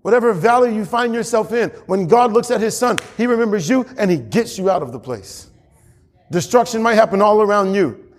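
A man's voice: high voice, expressive, fairly quick. A male pastor preaching a sermon with emphatic repetition and frequent chuckles. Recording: long hall reverb.

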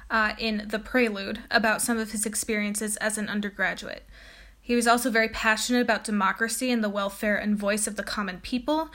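A teacher presents a poet in an informal lecture, reading one of the poet's poems aloud. Her voice is medium in pitch with a fairly bright tone, and her delivery is casual and full of ums and uhs.

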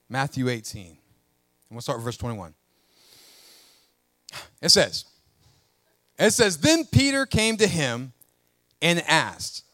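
Male pastor, high and expressive, reads scripture with asides to the church. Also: dry recording, studio quality. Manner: animated preaching with call-outs to the congregation; reads scripture aloud and comments between verses. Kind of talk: sermon.

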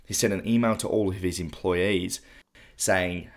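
Man, podcast co-host, deep voice, steady explainer, casual. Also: measured pace. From Australia. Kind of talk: casual chat.

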